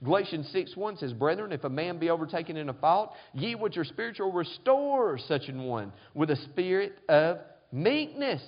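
A high-pitched man preaching a sermon as pastor, pressing his points and calling out to the congregation for an amen. The sound is dull and lo-fi, like an older church recording. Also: sing-song, moderate pace, hardly any pauses. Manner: preaching, frequent call-and-response "amen?".

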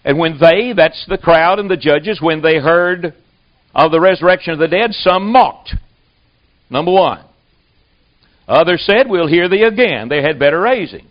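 A man's voice: fairly high pitch, expressive, normal speed. Man preaching a folksy sermon. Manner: folksy storytelling. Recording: dull lo-fi recording.

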